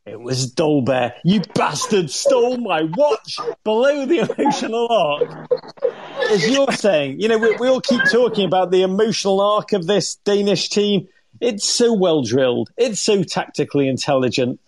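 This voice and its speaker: A man's voice: sits high, big pitch swings, moderate pace, background noise. A middle-aged man co-hosting a football podcast, telling stories in an exuberant, comic way with the odd swear. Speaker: podcast co-host. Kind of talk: animated football chat.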